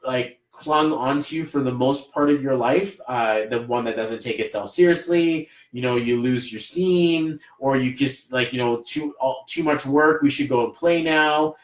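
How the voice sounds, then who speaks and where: A man's voice: medium pitch, moderate pace, hardly any pauses, roomy sound, low-quality recording. A man with a Canadian accent doing a live numerology reading, rambling and encouraging, with many fillers. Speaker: numerology reader. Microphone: livestream camera mic.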